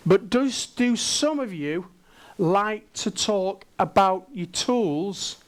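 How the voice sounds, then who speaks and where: A high-pitched man speaks slowly and deliberately from a conference stage. He keeps drawing the audience in with playful questions, unhurried and teasing. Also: lively intonation. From England. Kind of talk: interactive keynote talk.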